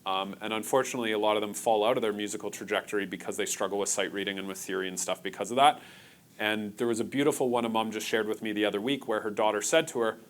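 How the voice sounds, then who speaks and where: A man's voice: on the low side, steady tone, fast talker. A man presenting a workshop to a live audience in a conference room, talking casually and joking with the crowd. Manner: casual, engaging, jokes with the audience.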